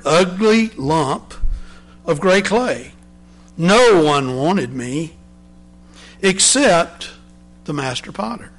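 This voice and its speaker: A man, a preacher, reading a parable aloud slowly and deliberately, often dropping to a soft, low voice.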